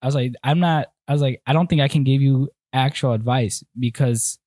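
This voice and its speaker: A man's voice: mid-range voice, fairly quick, no echo, studio quality. A young man hosting a casual podcast chat, candidly telling stories and acting out what people said. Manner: candid, animated storytelling with acted-out quotes. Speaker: podcast host.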